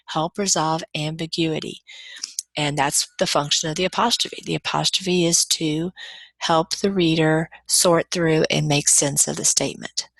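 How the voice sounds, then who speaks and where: A woman's voice: deep voice, creaky, fairly bright tone, dry recording. A woman lecturer patiently walking through grammar examples step by step in a recorded lesson. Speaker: college lecturer.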